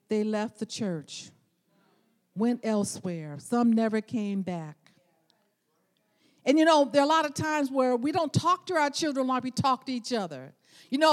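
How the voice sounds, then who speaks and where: A woman preaching a sermon, earnest and emphatic, repeating her key words, in a church. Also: high voice. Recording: long hall reverb.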